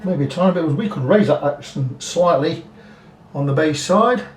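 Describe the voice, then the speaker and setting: A guitar repair technician talks casually through a setup in his workshop, thinking aloud and dropping frank asides. His voice is fairly high and expressive at a normal speed, picked up by a distant mic in a roomy space with faint music behind.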